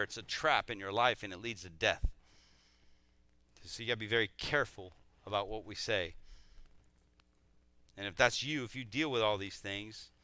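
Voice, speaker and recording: Middle-aged preacher, bright crisp tone, lively with acted-out quotes. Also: male voice, mid-range voice, no room sound. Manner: animated, acts out quoted voices. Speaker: pastor. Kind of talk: sermon.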